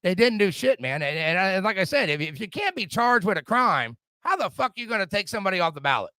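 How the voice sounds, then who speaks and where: Fired-up profane man ranting, high bright voice. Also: very animated, fast, no room sound. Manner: profane, fired-up, repetitive stammering restarts. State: drinking whiskey. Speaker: podcast host. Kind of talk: casual political rant.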